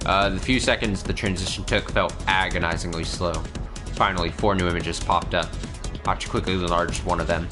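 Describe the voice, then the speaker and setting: A man's voice: low voice, fairly even intonation, a little fast, music in the background. A man reading a visual novel aloud on stream, breaking off to laugh and comment. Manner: reads the story text, breaks off to laugh and comment. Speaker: let's play streamer.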